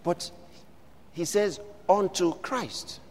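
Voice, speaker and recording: A man preaching a sermon, building from steady teaching to shouted declarations. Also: sits high, extremely slow, long reverb tail.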